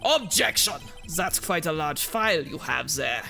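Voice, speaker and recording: A man voicing an arrogant older male prosecutor in a game, with drawn-out sneering taunts. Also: on the high side, big pitch swings, vocal fry, bright, forceful tone, faint music behind, voice pushed down, heavily acted. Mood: scornful. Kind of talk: reading game dialogue aloud.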